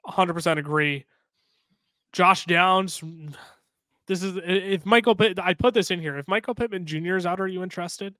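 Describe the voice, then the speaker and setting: A man co-hosting a podcast, giving brisk, opinionated and jokey fantasy football picks in casual chat. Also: sits high, sharp tone, no echo. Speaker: podcast co-host.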